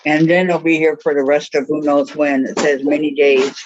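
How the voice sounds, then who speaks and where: A woman's voice: low voice, moderate pace, slight background noise. Woman chatting on a muffled video call. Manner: relaxed, chatty, trailing off mid-thought. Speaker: craft class participant. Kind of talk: casual chat while crafting.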